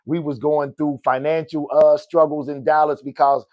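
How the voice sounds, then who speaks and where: A middle-aged podcast host from Oklahoma, US, speaks a little high, with little pitch movement and a moderate pace. Preachy and motivational, he shares a personal talk, frequently asking "right?", saying "good people" and calling out to his listeners. The recording is dry and lo-fi.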